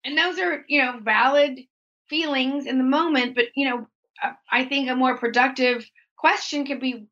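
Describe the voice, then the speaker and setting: Bright-toned woman on lo-fi audio. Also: sits high, moderate pace. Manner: open and reflective, quotes her own thoughts in lively voices. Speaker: guest. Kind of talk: candid conversational interview.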